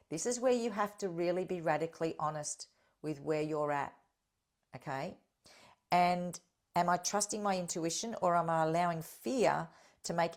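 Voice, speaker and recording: A woman talks straight to her listeners in a solo podcast monologue, earnest and direct with an encouraging pull. Her voice sits a little low for a woman. She keeps checking in with a quick "okay?" as she goes. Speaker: podcast host and healing coach.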